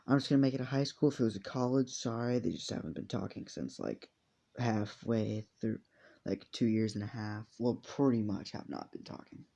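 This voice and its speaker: A man's voice: fairly low pitch, normal speed, creaky, warm tone. A man improvising a fan story aloud, rambling and swearing casually as he goes. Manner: rambling, profane, off-the-cuff.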